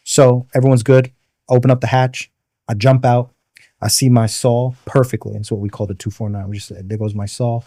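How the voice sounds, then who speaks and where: A man's voice: mid-range voice, steady tone, normal speed, mellow, no echo, studio quality. Bronx-bred man telling a war story. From the Bronx, New York. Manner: vivid narrator who explains terms patiently. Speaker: podcast guest, military veteran. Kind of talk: animated personal storytelling.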